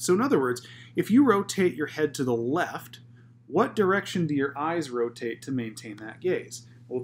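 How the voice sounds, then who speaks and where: A man's voice: mid-range voice, slight background noise. Methodical man explaining anatomy. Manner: methodical, asks rhetorical questions then answers, frequent "okay?" check-ins. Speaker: physical therapist lecturer.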